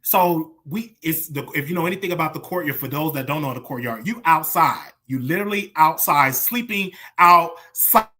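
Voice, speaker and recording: A show host in their thirties telling a personal story in a monologue, emotional and repetitive, swinging from hushed to loud. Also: mid-range voice, brisk, few pauses. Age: 30s.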